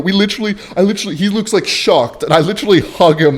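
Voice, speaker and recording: A young man from Western Australia telling a rambling, swear-filled story while playing a game, muttering quietly about his moves. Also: high-pitched, brisk, few pauses. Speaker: gaming streamer.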